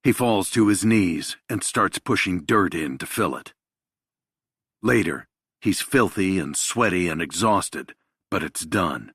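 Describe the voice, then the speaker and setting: A man narrating a thriller audiobook in a measured, even storytelling manner. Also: sits low, breathy edge, no room sound, clean studio sound.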